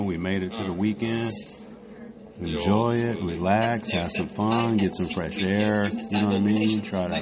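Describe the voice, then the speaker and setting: A man hosting a casual home vlog, chatting in a laid-back, rambling way with lots of fillers. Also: deep voice. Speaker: vlog host. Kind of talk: casual chat. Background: music playing.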